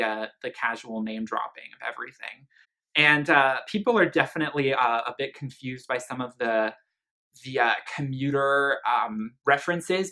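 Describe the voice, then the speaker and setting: A chatty, bright-voiced man from Philadelphia, Pennsylvania reviews an album in a casual vlog. His medium-pitched talk is gossipy and packed with "like" and "girl."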